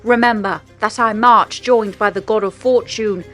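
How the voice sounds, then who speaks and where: A woman voicing a defiant male French general, declaiming loudly with her voice raised. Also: fairly high pitch, fairly even intonation, moderate pace, soft background music, natural voice.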